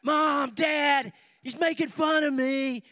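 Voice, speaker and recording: A man acting out bickering young kids in a car, with shrill, whiny shouting. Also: steady tone, slow, full character voice. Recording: long hall reverb.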